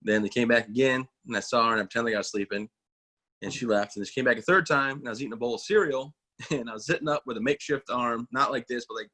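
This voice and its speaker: A man in his thirties, an army veteran and motivational speaker, is a guest in a casual interview. His medium-pitched voice is fast, pushed and bright as he tells folksy, self-mocking stories and acts out the voices he quotes.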